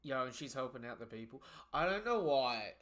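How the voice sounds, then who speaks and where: A young man hosting a live manga reaction, excitable and slangy, often breaking off and restarting mid-sentence. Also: medium pitch, moderate pace.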